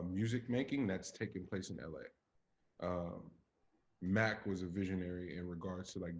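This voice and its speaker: Deep-voiced man, emphatic and profane. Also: lo-fi sound. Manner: emphatic, profane, builds up to animated peaks. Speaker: podcast co-host. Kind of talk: casual chat.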